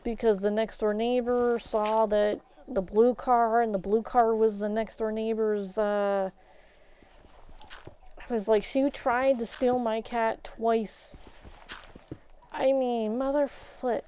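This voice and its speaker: A woman streaming a game while telling a story in a casual way, getting loud and worked up as she recounts an argument and swapping curse words for "flip". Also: fairly high pitch, takes it slowly, clear, resonant tone, dull audio. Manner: animated, gets loud and agitated retelling a confrontation, swaps curses for "flip".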